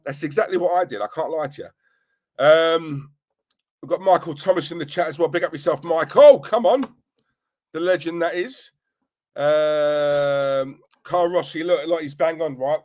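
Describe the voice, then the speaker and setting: A middle-aged man, casually chatting on a livestream and giving loud shout-outs to his viewers. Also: fairly high pitch. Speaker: livestream host.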